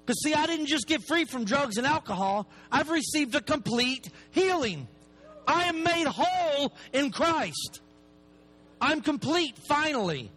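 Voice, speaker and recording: Guy in his 40s preaching quick, high voice, jokey and fired up. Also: poor audio. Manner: fast-talking, self-deprecating, animated preaching. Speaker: recovery ministry speaker. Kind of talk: sermon.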